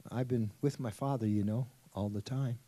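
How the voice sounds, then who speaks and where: Jesus, a priest voicing him gently. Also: male voice, mid-range voice, normal speed, no room sound, natural voice. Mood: reassuring. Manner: calm and reassuring.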